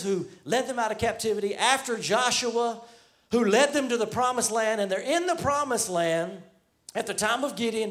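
High-voiced man preaching a sermon. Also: fairly bright tone. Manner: storytelling, voices Bible figures in casual modern speech.

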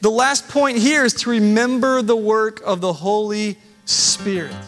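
Man, pastor, thirties, high-pitched voice, preaching a sermon, long echo of a church hall. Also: fairly even intonation, unhurried, a bit bright, soft background music. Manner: preaching with scripture readings and asides.

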